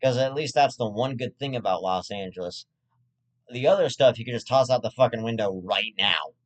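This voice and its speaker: A man in the middle of a rambling, foul-mouthed comedic rant as the host of his own web show. He stumbles and restarts often, and his voice sits at a middle pitch. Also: a little fast. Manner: profane, rambling, with frequent restarts.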